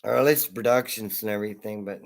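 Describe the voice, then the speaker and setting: A man's voice: on the low side, a little fast, creaky. Rambling laughing man on a livestream. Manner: rambling, laughs often, reads chat aloud. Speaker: livestream host. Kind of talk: casual livestream chat. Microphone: headset.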